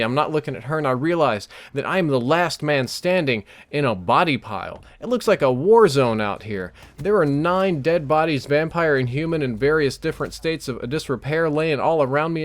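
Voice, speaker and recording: A man recounting a vivid dream as an animated, breathless story over gameplay footage. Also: medium pitch, a little fast, hardly any pauses. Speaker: gaming YouTuber.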